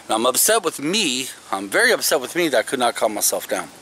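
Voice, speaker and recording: A man's voice: medium pitch, big pitch swings, fast talker, bright, forceful tone, slight background noise. A middle-aged man vlogging, telling a story casually and emphatically, swearing now and then.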